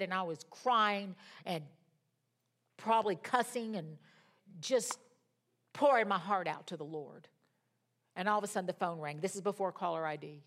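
A middle-aged woman teaching a Bible study, telling personal stories in a dramatic, expressive way. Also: on the low side.

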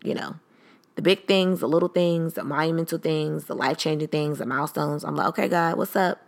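A woman's voice: low-pitched, steady tone, a little fast, creaky. A woman in her thirties hosting a podcast, talking casually and reflectively, sometimes acting out her own inner voice. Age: 30s. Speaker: podcast host. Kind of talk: casual solo podcast talk.

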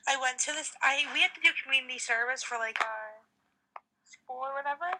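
A woman's voice: high-pitched, a little fast, sharp tone. A teenage girl co-hosting a casual podcast, blunt and sarcastic as she teases her friend. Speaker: podcast co-host. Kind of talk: casual chat.

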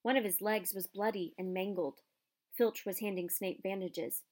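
Woman narrator, storybook audiobook, measured and expressive, mid-pitched.

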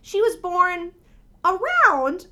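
A young woman co-hosting a casual true-crime podcast, animated and swearing freely with rambling asides. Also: extremely high pitch, drawn-out words. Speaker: podcast co-host.

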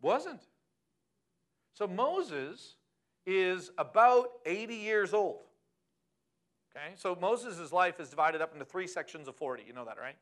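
A middle-aged man preaches a sermon with animated energy, firing questions at his listeners. His voice sits a little high and swings widely in pitch as he builds and drops. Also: unhurried, pauses often. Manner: animated, asks the audience questions. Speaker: pastor.

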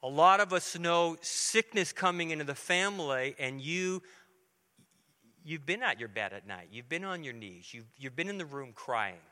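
A man's voice: on the high side, expressive, normal speed, pushed and bright. A middle-aged man preaching a sermon in a church, talking earnestly and conversationally to the congregation. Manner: earnest, conversational, acts out dialogue. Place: church sanctuary. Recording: long reverberant hall.

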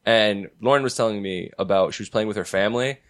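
A man's voice: fast talker, a bit bright. A man co-hosting a podcast in crude casual banter, laughing often and mimicking people. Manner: laughing, mimics voices in high falsetto bursts. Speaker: podcast co-host.

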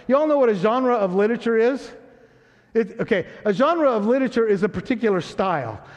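A man's voice: high voice, expressive, brisk, highs cut off. A man preaching a sermon as pastor, conversational and teasing, often checking in with his congregation. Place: church sanctuary. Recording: long hall reverb.

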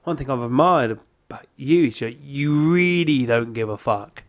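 A man, a stand-up comedian, chatting casually and telling stories in an animated, rambling way. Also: mid-range voice, moderate pace. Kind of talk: casual podcast chat.

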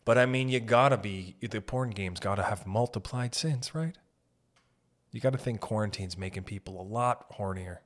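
A man's voice: fairly low pitch, moderate pace. Rambling, profane male podcast host. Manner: rambling, profane, self-interrupting, mock voices. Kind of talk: casual rambling comedic monologue.

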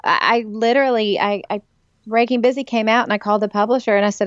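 A woman's voice: mid-range voice, steady tone, a little fast, no echo, lo-fi sound. A woman author and ministry director talking in a casual interview, telling stories animatedly and with emphasis.

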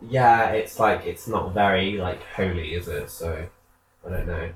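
A man's voice: low-pitched, unhurried, echoey room, over a noisy crowd, rough recording. A man co-hosting a podcast, talking in a dry, hesitant way full of fillers. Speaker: podcast co-host. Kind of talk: casual chat.

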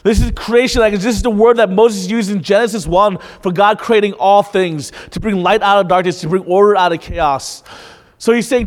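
A man preaching a sermon in a conversational, animated way, often restarting his sentences. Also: high-pitched, normal speed, big-room sound. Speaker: pastor.

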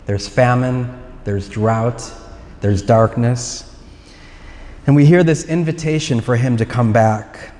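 A man's voice: mid-range voice, slow pace, darkish tone. A man preaching a conversational homily at Mass, retelling a film scene earnestly. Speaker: priest. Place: church at Mass. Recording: long church reverb.

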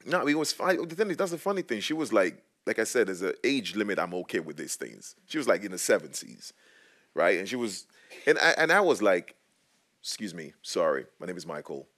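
Low-voiced guy on a panel, fired up and emphatic, gets louder telling his story. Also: brisk. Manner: animated, emphatic, voice rising when heated. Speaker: panel guest. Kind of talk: passionate conversational storytelling.

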